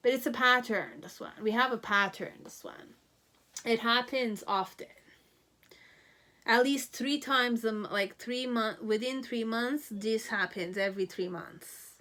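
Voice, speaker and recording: Slow, meandering woman tarot reader. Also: on the high side, bright, forceful tone. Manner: meandering, thinking aloud with many fillers. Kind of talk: pick-a-card tarot reading.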